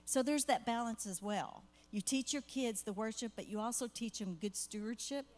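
A woman's voice: on the high side, normal speed. An older woman, a grandmother, sharing heartfelt parenting advice in a church Q&A conversation, earnest and rambling with asides.

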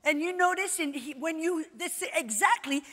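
High-voiced woman preaching in a hall. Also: moderate pace. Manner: emphatic, swings from hushed to shouting. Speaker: conference speaker. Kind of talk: sermon. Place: conference hall.

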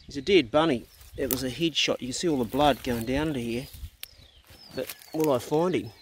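A man's voice: medium pitch, brisk, slight background noise. A man filming himself on a farm, giving casual hunting commentary, swearing freely and talking to his dog. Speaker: hunting vlogger. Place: outdoors on a farm.

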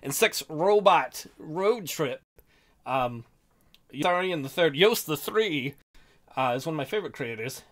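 Guy rambling through a game, swears nonstop, high bright voice, soft music under it. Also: expressive, measured pace. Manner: profane, rambling, joking. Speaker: gaming video host. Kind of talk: let's play commentary.

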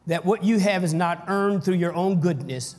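A pastor preaches fervently at a moderate pace, his fairly high voice climbing into shouts before settling back into a steady teaching tone. He leads the congregation in call-and-response during the sermon, and the sound echoes through a large, reverberant church hall.

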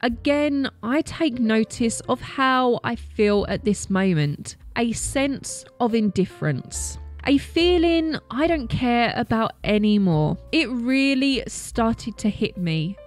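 A woman narrating a first-person story in a measured, scripted read. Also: a little high. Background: faint background music.

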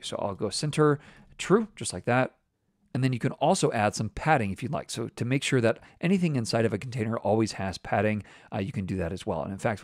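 A man's voice: medium pitch, no room sound, studio quality. A man giving a casual screen-recorded coding lesson, explaining each step as he works. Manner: casual, explanatory, walks through steps while working. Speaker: web development instructor.

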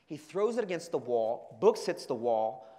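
A man giving an energetic motivational talk to a student leadership conference, telling stories and acting out the voices. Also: on the high side, moderate pace. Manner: energetic storytelling with acted-out voices. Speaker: keynote speaker. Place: large conference hall. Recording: long hall reverb.

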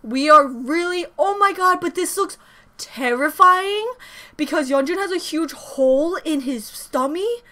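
A woman giving an excited fan reaction, gushing and swearing, with sudden jumps in her voice. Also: sits high, unhurried. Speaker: reaction video host.

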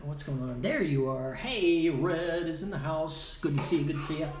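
A man with a fairly high voice hosts a casual live stream at a moderate pace, with soft music in the background. He chats playfully and mutters to himself while editing audio, jumping between loud bursts and quiet asides. The recording has a roomy echo and faint noise.

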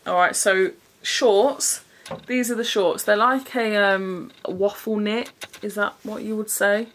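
A woman's voice: mid-range voice, steady tone, slow, a bit bright, a little hiss or hum. Chatty woman reviewing clothes. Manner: chatty, frank and swearing, with frequent "do you know what I mean". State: slightly out of breath. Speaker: fashion vlogger. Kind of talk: casual clothing try-on haul.

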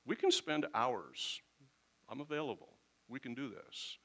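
A man's voice: medium pitch, lively intonation, unhurried, a bit bright. A man preaching a sermon as pastor, talking in a conversational way and briefly acting out little quoted exchanges with the congregation.

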